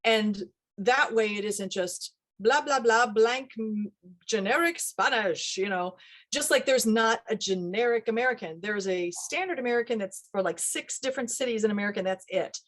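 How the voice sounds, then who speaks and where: A middle-aged woman, a dialect coach, talking casually in an interview with lively asides. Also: on the high side. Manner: animated, quick asides, laughs often.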